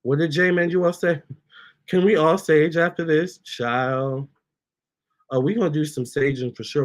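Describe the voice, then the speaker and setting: A man hosting a casual storytime, reading out viewer comments, chatty and animated, often stopping to talk to his cats. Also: a little high, moderate pace. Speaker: tarot reader and channel host.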